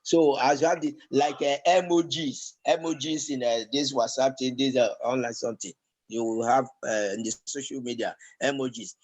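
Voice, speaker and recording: A man teaches a class at a measured, unhurried pace. He keeps stopping on fillers and repeating words as he explains. His voice sits in an ordinary middle pitch for a man. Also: steady tone, darkish tone, poor audio. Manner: slow, halting, with many fillers and repeated words. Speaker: Yoruba language teacher. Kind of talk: classroom lesson.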